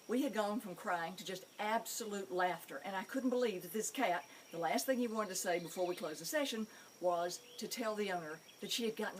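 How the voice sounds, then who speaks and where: Animated woman telling pet stories. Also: mid-range voice, a little hiss or hum. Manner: animated, amused storytelling. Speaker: pet psychic show host. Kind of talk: storytelling monologue.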